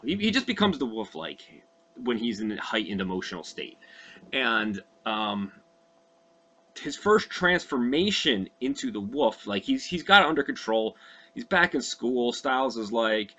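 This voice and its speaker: Man, young adult, bright forceful voice, slightly low pitch, casual rambling recap, profane, lots of fillers. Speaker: host recounting a movie.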